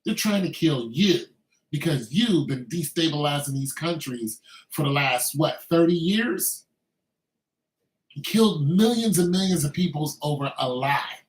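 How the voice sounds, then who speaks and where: A man's voice: fairly high pitch, animated, a little slow, reverberant, poor audio. A man, an army veteran, speaking in a casual commentary monologue, loose and conversational with many filler phrases. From Braddock, Pennsylvania.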